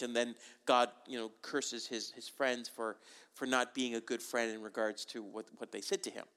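A man's voice: mid-range voice, fairly bright tone, smooth. A man preaching a sermon in a conversational, joking way, full of asides and rhetorical questions.

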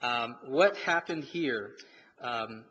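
A man's voice: mid-range voice, animated, slow, fairly bright tone, muffled recording. A man preaching a sermon in a church, reading scripture and explaining it with many restarts and fillers. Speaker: pastor. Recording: long reverb, faint noise.

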